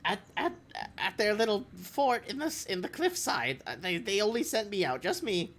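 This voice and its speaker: A man voicing a scared little creature caught spying, stammering and pleading in a high voice. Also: very animated, normal speed, a bit bright. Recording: faint background noise.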